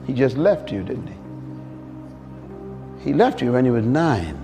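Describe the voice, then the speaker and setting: A middle-aged man preaching a sermon in call-and-response style, building to high emphatic peaks. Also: big pitch swings, unhurried, vocal fry, mellow. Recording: long hall reverb with faint music.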